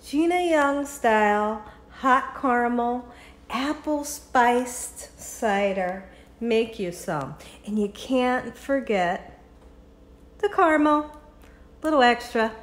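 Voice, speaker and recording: Speaking slowly in a fairly high voice, a woman runs a home cooking channel, tasting and pouring as she chats and laughs with her audience. The casual demonstration takes place in a kitchen with an echoey room sound.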